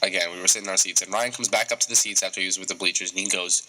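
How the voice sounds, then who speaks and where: A young man with a very bright, forceful voice talks sports in a casual radio chat. He gets animated and stumbles over repeated words as he makes his point. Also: low-pitched, very fast, poor audio. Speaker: co-host.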